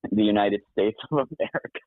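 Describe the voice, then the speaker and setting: A man's voice: lowish voice, quick pace, no room sound. Guy calling in over a tinny phone line, rambly, laughs a lot, dry sound. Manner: laughs often, rambling with restarts. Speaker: caller. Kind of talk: casual phone banter.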